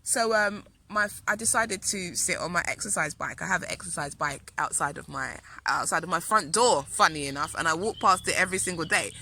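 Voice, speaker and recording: A woman's voice: fairly low pitch, expressive, fairly quick, creaky, hardly any pauses, sharp tone, slight background noise. A woman, a spiritual teacher telling a personal story in an earnest, emphatic way that keeps repeating phrases.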